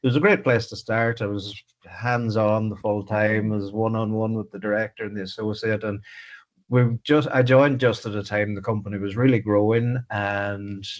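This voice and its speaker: A man's voice: lowish voice, steady tone, normal speed. A middle-aged Irish man, a podcast guest telling his own story frankly and reflectively. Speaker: podcast guest, fire engineer. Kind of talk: candid personal storytelling. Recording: slightly muffled podcast audio.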